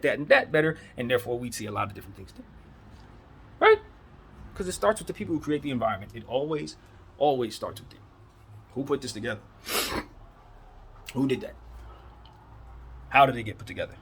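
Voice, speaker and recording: A man hosting his own basketball talk, ranting in a fired-up, preachy way and firing off rhetorical questions. His voice sits at an ordinary middle pitch, with a faint hiss of noise behind him. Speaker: basketball commentary host. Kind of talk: casual opinion monologue.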